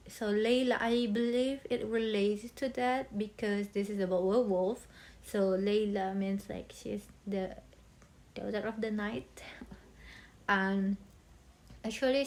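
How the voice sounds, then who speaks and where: A woman's voice: medium pitch, a little mellow. Bubbly young woman chatting about books. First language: not English. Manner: bubbly, chatty, with pauses and restarts. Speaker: book vlogger. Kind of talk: casual book chat.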